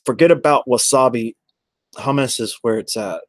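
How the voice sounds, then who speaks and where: A man's voice: medium pitch, normal speed, no room sound. A man, chatting casually on a livestream and answering viewers by name in a rambling way. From Texas.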